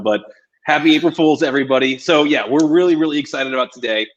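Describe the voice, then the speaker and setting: A man's voice: medium pitch, fast, a bit bright. A man hosting a webinar in an upbeat, joking, casual way over a video call. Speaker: webinar host. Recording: muffled video call audio.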